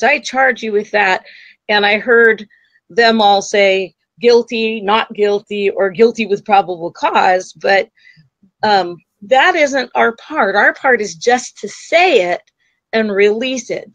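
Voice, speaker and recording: A woman's voice: a little high, fairly bright tone, dry recording, lo-fi sound. A woman guest, a psychic medium, telling a story in an interview and acting out the voices she quotes. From United States.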